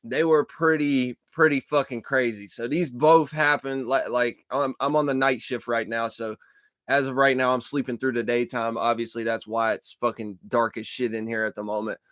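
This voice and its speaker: A man hosting a casual dream-journal vlog from a dark room at his computer, talking into a desk microphone in a rambling, profane way with lots of fillers and restarts. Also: medium pitch, fairly even intonation, normal speed, no room sound, clean studio sound. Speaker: channel host.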